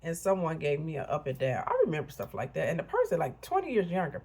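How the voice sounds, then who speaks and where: A woman's voice: low-pitched, huge pitch swings, quick pace, a little mellow, husky. A woman in her fifties from Illinois giving a candid, blunt motivational vlog talk with chatty asides to her viewers. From Illinois, USA. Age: 50s. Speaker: vlogger. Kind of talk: casual motivational monologue.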